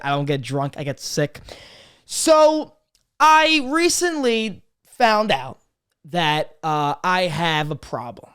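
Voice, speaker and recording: A man in his twenties hosting a casual confessional vlog, crude and swearing, swinging from loud joking greetings to quiet serious talk. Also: a little high, clear, resonant tone. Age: 20s. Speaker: podcast host.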